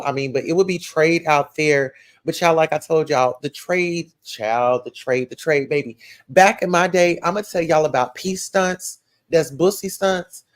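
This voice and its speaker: Sassy Southern woman, livestream gossip host reading comments, animated and chatty. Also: sits low. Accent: Southern US, Atlanta. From Atlanta, USA. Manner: sassy, animated, calls listeners child and baby.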